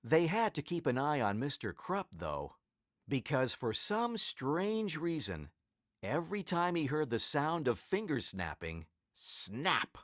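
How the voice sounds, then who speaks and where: A man narrating a children's storybook aloud in a slow, expressive way. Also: on the high side, dry recording, clean studio sound.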